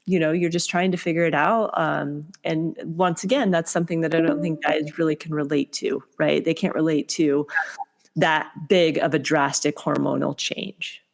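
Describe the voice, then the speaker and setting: A woman's voice: low-pitched, fairly even intonation, moderate pace, vocal fry. A woman in her forties co-hosting a podcast, talking candidly and chattily with frequent restarts. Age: 40s. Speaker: podcast co-host. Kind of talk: casual podcast chat.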